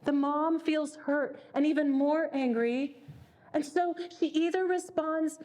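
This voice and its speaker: A woman's voice: high voice, steady tone, a little slow, a little mellow. A woman leading a parenting workshop, speaking earnestly and repeating words as she thinks. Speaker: workshop leader.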